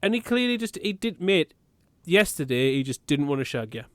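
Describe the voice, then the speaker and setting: A man's voice: fairly high pitch, very animated, brisk, no echo. A man, co-hosting a podcast in casual banter, teasing his co-host and swearing a lot.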